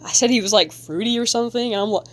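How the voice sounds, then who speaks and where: A woman's voice: on the high side, rapid-fire. A young woman streamer chatting casually with viewers while drawing, rambling and giggling as she goes. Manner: rambling, giggly, talks to chat. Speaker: live-streaming artist.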